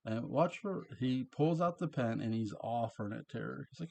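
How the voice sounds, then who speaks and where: A man's voice: medium pitch, animated, moderate pace, vocal fry, dark tone. A man casually recapping and reviewing a TV episode, chatty and chuckling at his own asides.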